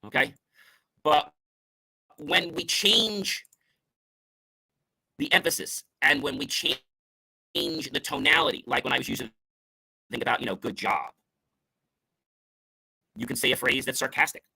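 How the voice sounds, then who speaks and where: A man's voice: animated, normal speed, gravelly, pauses often, bright, forceful tone, husky. A middle-aged man hosting a motivational talk show, speaking emphatically and playing with stress and tone to make his points. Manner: emphatic, varies stress and tone to demonstrate meaning; salesy, upbeat sign-off pitch. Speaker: host.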